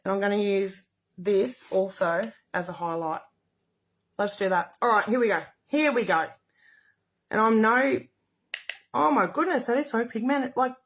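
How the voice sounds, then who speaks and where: A middle-aged woman runs a casual makeup livestream, speaking straight to the camera. Her middling-pitched voice carries a rambling, effusive chat.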